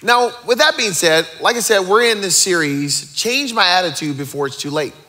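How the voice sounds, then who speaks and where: Male pastor, 30s, sermon; energetic, joking asides, bright forceful tone. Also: sits high, normal speed, some chatter behind, slight background noise.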